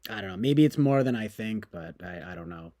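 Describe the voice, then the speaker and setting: A man's voice: lowish voice, animated, a little fast, dark tone, dry recording. A man streaming, talking casually in a sarcastic, mocking and rambling way.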